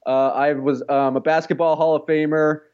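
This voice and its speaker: A man doing an impression of a famous basketball player turned college freshman, halting and awkward. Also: on the high side, flat delivery, a little mellow, clean tone, highs cut off, close to an everyday voice. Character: pro basketball star in college, awkward and intense.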